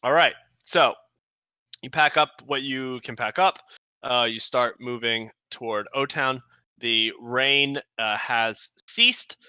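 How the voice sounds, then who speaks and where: Man in the GM chair, casual filler-heavy narration, crisp, smooth voice. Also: medium pitch, slow, bright, forceful tone, no echo. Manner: loose and rambling, many ums and uhs. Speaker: game master. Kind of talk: narrating a tabletop game.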